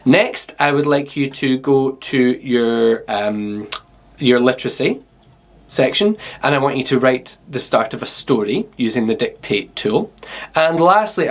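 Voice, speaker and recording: A Scottish man giving a relaxed online workshop to pupils, explaining each step in a chatty, instructive way and often filling pauses with okay and um. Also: mid-range voice. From Scotland. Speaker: teacher.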